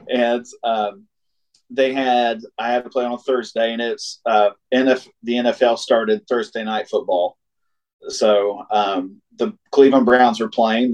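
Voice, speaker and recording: A man in casual conversation spins a long road story with easy, middle-pitched warmth. He laughs often, leans into the punchlines and briefly acts out the voices of the people he describes. A relaxed, chatty guest sharing a favorite tale. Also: low-quality recording. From Ohio. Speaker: singer-songwriter guest.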